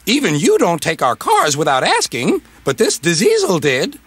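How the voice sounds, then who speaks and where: A man voicing Ben, a small mischievous boy tank engine, squeaky and quick to accuse. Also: huge pitch swings, a bit bright, slightly rough, no room sound, heavily acted. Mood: cheeky. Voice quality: high squeaky voice. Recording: music playing behind.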